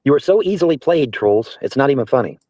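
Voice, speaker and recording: A man's voice: mid-range voice, animated, fast, mellow, no echo. A man livestreaming, reading comments aloud and answering them with profane, mocking jabs. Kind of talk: casual livestream rant. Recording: dull, dry lo-fi stream audio.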